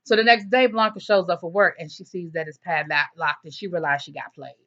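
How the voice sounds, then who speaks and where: A woman casually recapping a TV episode, telling it as an animated story and acting out the characters' lines. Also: fairly low pitch, brisk, noisy background. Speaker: TV episode reviewer. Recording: dull lo-fi sound.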